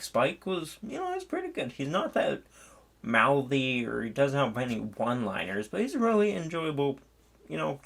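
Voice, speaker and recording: Creaky-voiced man rambling through a film review. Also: mid-range voice. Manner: rambling, profane, lots of fillers and restarts. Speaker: movie reviewer. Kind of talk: casual spoken film review.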